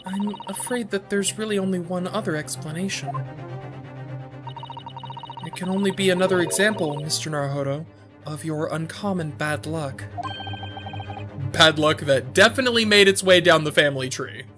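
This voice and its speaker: A man voicing a cold, aristocratic male prosecutor in a put-on British accent, slow and disdainful, over game music. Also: on the high side, natural voice.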